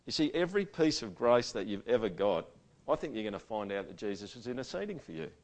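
A man preaching a sermon to a church gathering. He talks conversationally and swings between loud emphasis and quiet, intimate passages. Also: fairly low pitch, big pitch swings, quick pace. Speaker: pastor.

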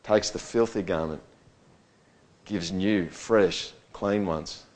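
A man preaching a sermon in a conversational way, often checking in with his listeners and swinging between quiet, low stretches and loud, high bursts. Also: slow. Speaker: pastor.

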